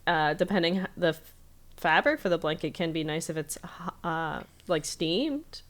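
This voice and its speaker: A woman's voice: low voice, moderate pace. A woman co-hosting a casual podcast, giving short dry remarks and laughing along. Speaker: podcast co-host. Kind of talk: casual chat.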